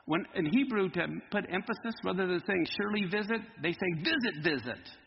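A man preaching a Bible teaching sermon, lively and emphatic as he explains Hebrew words. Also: sits high, fairly quick, gravelly, long reverb tail, dull audio, slight background noise.

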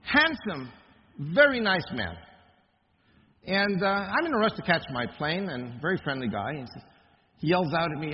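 A man's voice: a little high, sing-song, moderate pace, in a large hall, highs cut off. A man giving an impassioned lecture, firing rhetorical questions at his audience. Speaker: speaker.

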